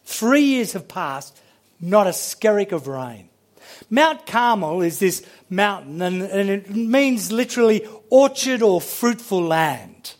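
A man preaching a sermon and reading scripture aloud, animated, often repeating words as he builds a point. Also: high voice, takes it slowly.

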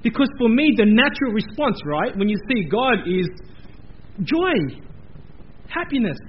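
A man preaching a sermon in a church, animated and repeating phrases for emphasis. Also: very high-pitched, unhurried, lo-fi sound. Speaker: pastor. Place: church building.

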